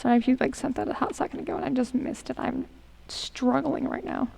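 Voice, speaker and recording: Her voice sits high, with a flat, brisk delivery, vocal fry, and a darkish, slightly rough tone. She's a young woman streaming a game, talking casually to herself and her chat, humming and muttering along as she plays. She sounds somewhat far from the mic.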